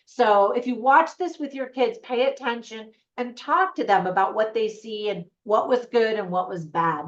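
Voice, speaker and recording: A woman's voice: mid-range voice, lo-fi sound. A woman reviewing a film for viewers in a chatty, upbeat way, speaking straight to her audience. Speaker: movie reviewer. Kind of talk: casual video review.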